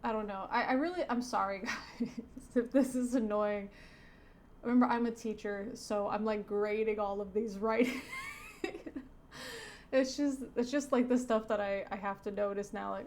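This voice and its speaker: A woman, a teacher by trade, reading a comic aloud in casual commentary, with wry asides and sentences that wander off and trail away softly. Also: medium pitch, steady tone, normal speed. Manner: digressive, self-correcting, trails off softly. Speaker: teacher reviewing a comic on her channel.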